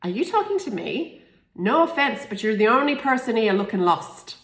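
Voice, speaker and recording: A woman's voice: a little high, very animated, moderate pace, pitched above the performer's own voice. A woman voicing a friendly, chatty male festival security guard. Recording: echoey room.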